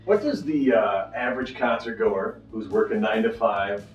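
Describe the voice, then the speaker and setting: A man with a lowish voice asks friendly, jokey interview questions. He sounds distant and dull, with the echo of a big hall around him. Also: moderate pace, soft background music. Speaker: radio host interviewer. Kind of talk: casual interview. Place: backstage in a large indoor arena.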